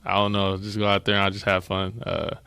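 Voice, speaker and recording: A man with a low voice answers interview questions in a relaxed, hesitant way. His pitch stays flat, and he pauses with fillers. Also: creaky, smooth, no echo.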